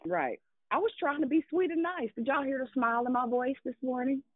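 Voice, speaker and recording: A woman's voice: high-pitched, lively intonation, a little fast, a little hiss or hum. A woman hosting a prayer call, preaching fervently and greeting callers playfully over the phone. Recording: phone line.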